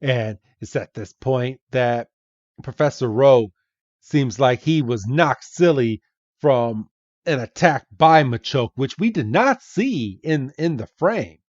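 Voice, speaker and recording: A man's voice: medium pitch, expressive, no echo, muffled recording. A man hosting a podcast, recapping a comic aloud in a chatty way and correcting himself as he goes. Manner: slow, chatty, self-correcting. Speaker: podcast host.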